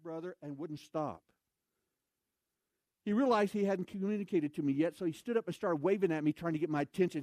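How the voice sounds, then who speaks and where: A man preaching from the pulpit, moving from conversational storytelling to loud emphatic bursts. His voice sits a little high for a man. The sound is dry and close, with little room echo. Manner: animated storytelling, acts out voices, shouts for emphasis. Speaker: pastor. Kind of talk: sermon. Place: church sanctuary.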